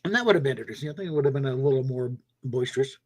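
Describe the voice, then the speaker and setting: A man's voice: mid-range voice, expressive, racing. A man chatting casually on a live stream, rambling with lots of fillers and restarts. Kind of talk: casual chat.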